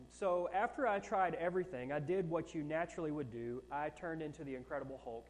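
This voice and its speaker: A man in his thirties preaching from the pulpit, telling a self-mocking personal story with animated, rising and falling emphasis. His voice sits a touch high for a man, and it carries with a long reverb through a large church sanctuary. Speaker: pastor. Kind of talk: sermon.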